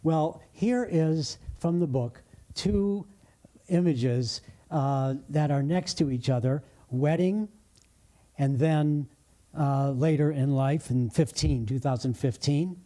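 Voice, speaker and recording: An older man hosts an author interview in a very dark, mellow voice that sits a little high. He talks haltingly and pads his questions with frequent hesitations. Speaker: interviewer, bookshop host. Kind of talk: conversational interview.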